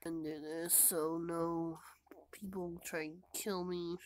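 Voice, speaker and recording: Sick woman with a hoarse voice, whispery and worn out, talks real slow while gaming. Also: lowish voice, little pitch movement, darkish tone. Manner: tired, strained, often drops to a whisper. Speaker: gamer. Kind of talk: casual gameplay commentary.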